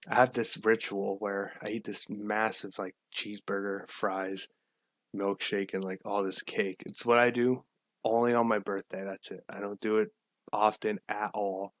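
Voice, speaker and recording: A man's voice: fairly low pitch, little pitch movement, normal speed, a bit bright, no room sound, studio quality. A man hosting a casual livestream, rambling with repeats and restarts and greeting viewers from the chat. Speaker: livestream host.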